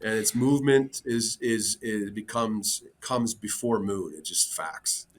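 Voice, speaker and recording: A man's voice: fairly low pitch, slow. A man speaking as a hockey coach guest on a podcast, talking earnestly and openly, with many fillers and restarts. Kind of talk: casual interview.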